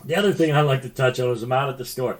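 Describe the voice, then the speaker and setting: A man's voice: mid-range voice, racing, slight background noise. Older man telling rambling funny stories. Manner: rambling, laughs often, crude jokes. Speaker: podcast co-host. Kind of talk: casual chat.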